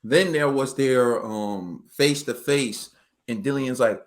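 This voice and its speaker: Co-hosting a casual boxing talk show, a man with a medium-pitched voice takes his time. He tells the story in an animated, slangy way and acts out the quotes.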